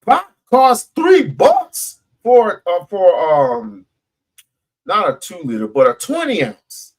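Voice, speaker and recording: A man's voice: high-pitched, slow. A man in a casual group chat, joking and acting out what others might say. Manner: animated, joking, acts out quotes. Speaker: panelist.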